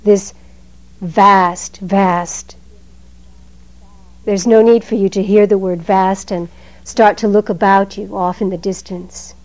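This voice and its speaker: A woman giving a Zen dharma talk in a measured, emphatic way, letting her phrases trail off softly. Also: mid-range voice, flat delivery, poor audio.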